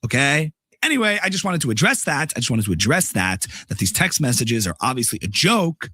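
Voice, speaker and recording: A man's voice: mid-range voice, very animated, a little fast, bright, forceful tone, husky, no echo, heavily acted. A man doing a comedy impression of a sarcastic, defensive female political pundit, with a mocking, giggly, sing-song delivery.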